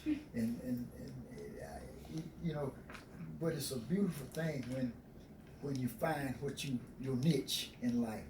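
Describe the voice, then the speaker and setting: A man interviewing guests, halting and repeating words while encouraging them. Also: mid-range voice. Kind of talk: community talk show interview. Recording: roomy, distant, noisy.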